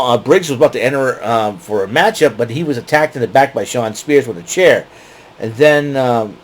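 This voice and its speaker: A man's voice: medium pitch, low-quality recording. A man giving a casual, rambling recap as host, with many fillers and restarts. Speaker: wrestling show recap host.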